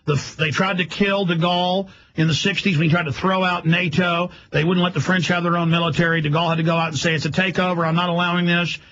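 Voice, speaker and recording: Husky-voiced man ranting on talk radio. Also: high-pitched, steady tone, a bit bright, muffled recording. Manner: rapid, emphatic, rambling delivery. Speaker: radio show host.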